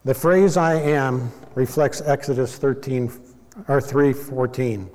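A man giving a sermon as a Bible teacher, explaining in a measured way and now and then correcting himself. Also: mid-range voice, fairly even intonation, a little mellow, in a large hall.

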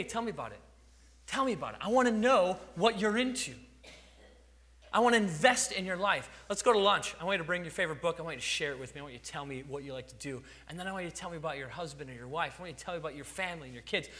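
A man's voice: high-pitched, pushed and bright, in a large hall. A man preaching a sermon, acting out little dialogues and chuckling now and then. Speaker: pastor.

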